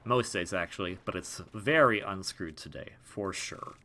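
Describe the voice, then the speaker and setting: Lively, bright-voiced young man rambling. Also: deep voice, normal speed. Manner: rambling and self-deprecating, with frequent restarts and laughs. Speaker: gaming video host. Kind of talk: casual let's-play commentary.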